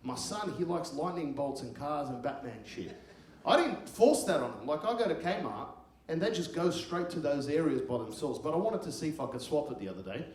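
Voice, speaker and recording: A man's voice: fairly high pitch, big pitch swings, a little fast, darkish tone. Swearing man doing stand-up. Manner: crude, rambling, swears a lot. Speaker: comedian host. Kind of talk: stand-up comedy. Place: comedy club stage before a live crowd. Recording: echoey club with crowd noise.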